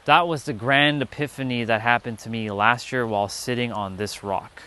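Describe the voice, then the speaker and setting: Casting: a man streaming outdoors, casual and profane spiritual storyteller, mid-pitched voice. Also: steady tone, normal speed, pushed and bright. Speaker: livestream host. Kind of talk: spiritual talk to a live chat. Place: outdoors, sitting on a rock.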